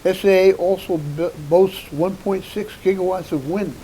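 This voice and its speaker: Male co-host with a high voice, casual headline reader, light background hiss. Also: fairly even intonation, normal speed, dark tone, rough recording. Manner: reads headlines aloud, brief comments. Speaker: co-host and engineer. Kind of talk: casual news discussion. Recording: faint hiss.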